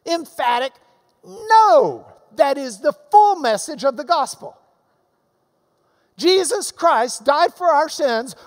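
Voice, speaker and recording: A man teaching a Bible class, answering questions in an emphatic, animated lecture that swings between loud and soft. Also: extremely high pitch, in a large hall.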